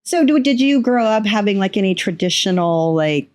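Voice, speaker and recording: A woman's voice: mid-range voice, lively intonation, normal speed, darkish tone. Woman producer asking eager questions. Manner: asks eager questions, laughs easily. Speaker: podcast producer and co-host. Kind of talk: casual chat.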